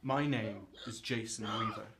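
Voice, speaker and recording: A man's voice: lowish voice, unhurried, fairly bright tone. Man narrating as a young villain origin story. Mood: earnest. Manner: earnest narration, dramatic build. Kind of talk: scripted narration.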